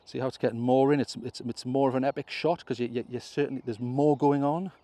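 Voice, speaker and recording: Man, warm mellow tone, chatty step-by-step drone tutorial outdoors. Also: mid-range voice, fairly even intonation, fast, no room sound. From England. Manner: chatty step-by-step explaining, self-correcting. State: clearing his throat, slight cough. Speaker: drone vlogger. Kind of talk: casual tutorial commentary. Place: outdoors on a hill.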